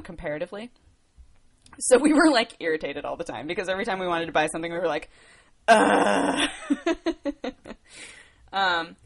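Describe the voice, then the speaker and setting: A livestream host, an American woman in her twenties, answers viewer questions in a mid-range, fairly bright voice. She chats casually, rambling and laughing along the way.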